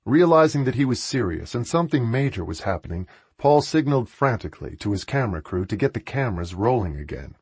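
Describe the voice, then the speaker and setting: A man narrating an audiobook in an expressive, animated reading. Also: medium pitch, quick pace, few pauses, husky, no echo. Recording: dull, dry recording.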